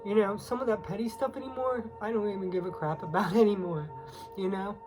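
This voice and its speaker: Over music, a woman with a medium-pitched, steady voice gives a casual tarot reading a little fast. She's emotional and on the verge of tears, confiding in the listener with frequent fillers and soft laughs. The recording is low quality.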